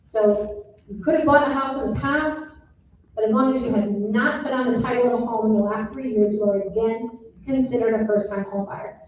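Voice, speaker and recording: A woman's voice: on the high side, normal speed, darkish tone. A woman mortgage lender giving a seminar presentation, explaining step by step and checking in with the audience. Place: seminar room. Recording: echoey room, mic far off, faint noise.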